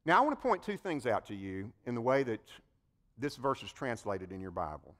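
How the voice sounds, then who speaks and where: A man preaches a sermon, retelling the story with lively swings of pitch and speaking straight to his listeners. His voice sits at an ordinary middle pitch. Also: a little fast. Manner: animated storytelling, addresses listeners directly. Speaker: pastor.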